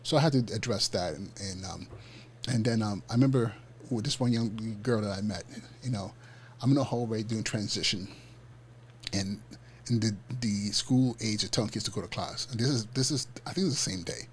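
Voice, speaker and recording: A man hosting a podcast, telling a personal story in a casual, animated way. He restarts often and acts out the dialogue in street slang. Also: on the low side, moderate pace, slight background noise. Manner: frequent fillers and self-restarts. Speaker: podcast host.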